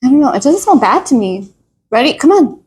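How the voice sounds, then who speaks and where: A woman co-hosting a casual podcast while eating, giggly and easygoing, gently coaxing her co-host. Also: high voice, very animated, a little fast.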